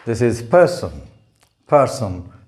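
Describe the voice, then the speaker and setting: A man gives a slow, careful pronunciation lesson, spelling words out letter by letter and saying each one several times. His pitch swings widely as he stresses syllables, and he never hurries. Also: sing-song, darkish tone. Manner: spells out letters and repeats words slowly and deliberately. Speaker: pronunciation teacher.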